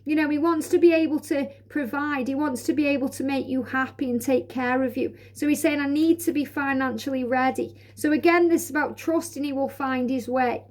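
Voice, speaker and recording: A woman's voice: high-pitched, steady tone, brisk, few pauses. A woman doing a spiritual card reading, reading each card's message aloud and explaining it in a soothing, reassuring way, recorded outdoors. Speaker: tarot card reader.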